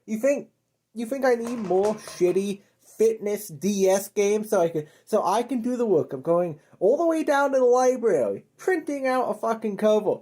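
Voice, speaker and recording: A man's voice: high-pitched, animated, normal speed, darkish tone. Man ranting in a profane, erratic way. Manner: erratic, exasperated, swearing, rambling with restarts. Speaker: video creator. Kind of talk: profane comedic rant to camera.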